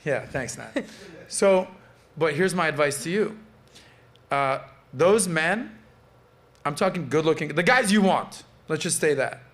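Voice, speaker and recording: A man in his late thirties hosting a casual panel chat. His voice sits a little high for a man, and he talks in a loose, animated way with swearing. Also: a little slow, long pauses. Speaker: podcast host.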